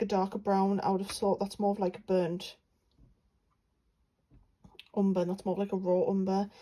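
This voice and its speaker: A young woman from England chats her way through her paint swatches, rambling and filling pauses as she goes. Her voice is mellow and a little husky. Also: medium pitch, poor audio. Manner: chatty, rambling, many fillers. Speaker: art vlogger. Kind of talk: casual chat while swatching paints.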